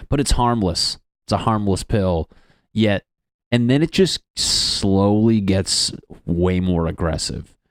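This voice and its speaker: A man's voice: fairly low pitch, slow, no echo. A young man hosting a solo comedy podcast, rambling and swearing, laughing at his own jokes, close on the mic. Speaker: podcast host.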